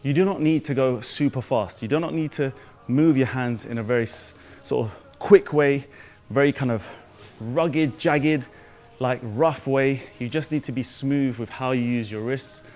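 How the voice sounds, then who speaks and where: A man's voice: mid-range voice, measured pace, darkish tone, faint music behind. Young man, hype fitness tutor, slightly winded, mid-range voice. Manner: upbeat, hyped, addresses viewers as guys. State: a little out of breath. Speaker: jump rope coach.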